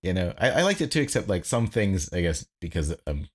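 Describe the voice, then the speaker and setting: A man co-hosting a podcast in casual film chat, with deadpan sarcasm and stumbling restarts. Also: low voice, a little fast. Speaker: podcast co-host. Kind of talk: casual movie review chat.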